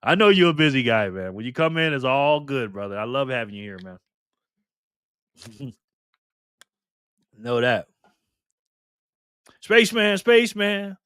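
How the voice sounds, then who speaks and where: A man's voice: mid-range voice, very animated, takes it slowly, long pauses, a bit bright, clean tone, dry recording, clean studio sound. A man hosting a casual live stream, cheerfully greeting viewers by name and chatting as he spins a prize wheel.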